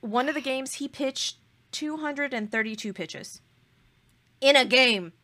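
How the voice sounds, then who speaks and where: A woman's voice: high-pitched, unhurried, bright, forceful tone. A woman co-hosting a podcast in casual chat. She gushes with emphatic, playful exaggeration. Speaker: podcast co-host.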